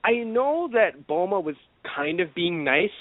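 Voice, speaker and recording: A man's voice: sits high, very animated, unhurried, no echo. A man co-hosting a casual anime review podcast, rambling with lots of "you know" and the odd swear. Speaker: podcast co-host. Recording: dry, phone-like lo-fi recording.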